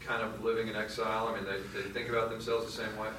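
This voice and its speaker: A man's voice: lowish voice, flat delivery, quick pace, bright, forceful tone. Earnest guy leading a class talk, sounds far off, room echo, light noise. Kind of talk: teaching in a group discussion. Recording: roomy, from a distance, faint noise.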